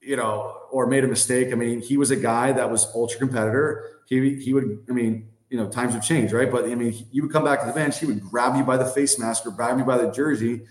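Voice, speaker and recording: A man's voice: medium pitch, steady tone, a little fast, hardly any pauses, reverberant. A man in his thirties, a podcast guest and former hockey player, telling a long story in a rambling, filler-heavy way. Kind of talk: casual anecdote telling.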